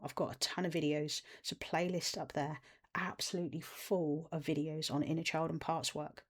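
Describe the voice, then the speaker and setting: A woman, an inner-child coach, talking earnestly and encouragingly to her viewers. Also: sits low. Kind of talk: self-help video talk to camera.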